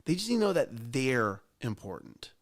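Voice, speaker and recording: A man's voice: mid-range voice, very animated, normal speed. A middle-aged man hosting a casual chat show, earnest and emphatic, challenging listeners directly. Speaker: host.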